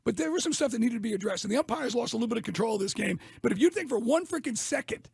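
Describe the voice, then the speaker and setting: Heated raspy guy ranting on sports radio, gravelly high voice, dry studio sound. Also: expressive, racing, dry recording.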